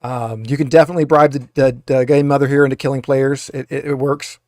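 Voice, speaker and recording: A man's voice: medium pitch, little pitch movement, fast talker, a little mellow, no echo, clean studio sound. A man running a tabletop game as game master, talking in a rambling way with many filler uhs. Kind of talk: narrating a tabletop game over a video call.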